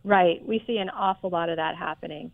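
Woman on a tinny phone line. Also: on the low side. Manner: explanatory, measured, with frequent ums. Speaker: guest, president of a recycling institute. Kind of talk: radio interview by phone.

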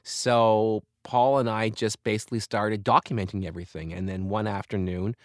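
A man in his fifties, a comedian and author, talks candidly and reflectively as an interview guest, now and then breaking into lively bursts of laughter. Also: on the low side, moderate pace, dry recording, studio quality. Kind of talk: conversational interview.

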